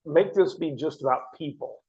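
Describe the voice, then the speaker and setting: Male Bible study teacher, a bit higher pitched, husky; earnest explainer; dull recording. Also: moderate pace, darkish tone. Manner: earnest, explanatory, frequent restarts. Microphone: microphone.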